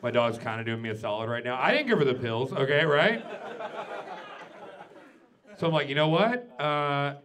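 A male stand-up comedian tells a long story into a stage mic. His pitch sits in the middle for a man, but he drops low and quiet, then climbs into loud, swearing rants. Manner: swears freely. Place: comedy club stage before a live audience.

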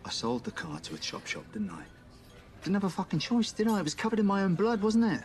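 A blunt, sardonic debt collector who swears freely and needles his partner. The voice sits fairly low. It is film drama dialogue with a sulky, wry edge. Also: a little fast, fairly bright tone, soft background music. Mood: irritated.

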